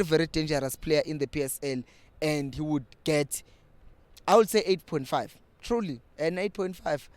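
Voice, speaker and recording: Young South African man, fan-channel host; slightly high, animated, dry close recording. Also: clear, resonant tone, no echo. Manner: animated, switching between English and Zulu. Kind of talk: casual fan commentary.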